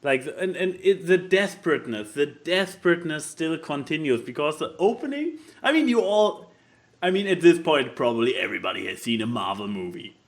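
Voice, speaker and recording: Animated man co-hosting a casual podcast. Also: a little high, a little fast. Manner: animated, rambling, laughs often. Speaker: podcast co-host. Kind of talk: casual chat.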